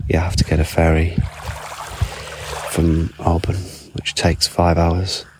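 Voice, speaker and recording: A man's voice: sits low, monotone, slow pace, a little mellow, low-quality recording. A man chatting away in a rambling, self-mocking podcast monologue as he walks along an island beach. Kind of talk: casual walking podcast monologue. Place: outdoors on a foggy island beach. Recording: outdoor water noise. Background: lapping water.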